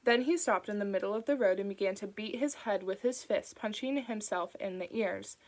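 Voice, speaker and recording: A woman reading an audiobook in a steady, even narration. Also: medium pitch, moderate pace. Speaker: audiobook reader.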